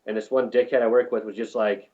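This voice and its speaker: A man's voice: lowish voice, steady tone, quick pace, warm tone, highs cut off. A man from New Mexico who works on film crews, telling profane, rambling anecdotes in a casual interview. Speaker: film crew lighting technician, guest.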